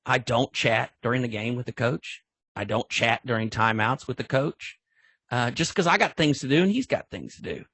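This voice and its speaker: A man's voice: mid-range voice, expressive, moderate pace, a bit bright, husky, dry recording. An older man, a football official telling stories in a folksy, rambling way with many restarts. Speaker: football official, guest speaker. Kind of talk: storytelling in an online training talk.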